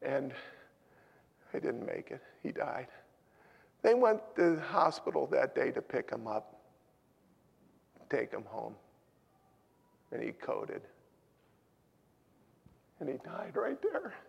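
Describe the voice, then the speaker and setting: Gravelly older male preacher in a hall. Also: mid-range voice, sing-song, slow, long pauses. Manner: emotional storytelling, swings from loud to hushed. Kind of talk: sermon. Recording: long hall reverb.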